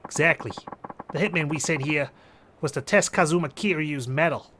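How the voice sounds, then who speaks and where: A man does an amateur reading of game dialogue, putting on a New Jersey accent to play a menacing, smug, pushy mob enforcer who sounds threatening. His voice is fairly high and sharp at a moderate pace, with slight background noise.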